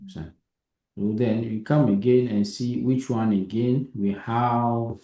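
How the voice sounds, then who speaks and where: A man's voice: medium pitch, fairly even intonation, takes it slowly, warm tone, roomy sound. A man teaching a live coding lesson, patient, who keeps asking if his student understands. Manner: patient, repeats himself and checks understanding.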